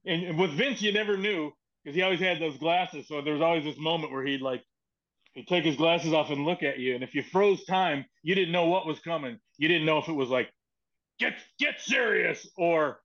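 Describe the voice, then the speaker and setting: A man with a voice pitched a bit high spins a rowdy backstage yarn as a podcast guest, swearing casually and acting out each quoted line. The recording is dull and slightly muffled. He keeps a chatty, animated storyteller's rhythm throughout. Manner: animated, profane, acts out quoted dialogue. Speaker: podcast guest, former wrestling writer. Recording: muffled lo-fi sound.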